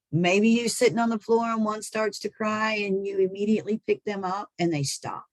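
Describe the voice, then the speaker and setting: A woman's voice: mid-range voice, no room sound, low-quality recording. Woman trainer explaining infant care. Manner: demonstrates soft, sing-song talk to babies; plain, explanatory delivery with small restarts. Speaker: early learning trainer. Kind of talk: training presentation.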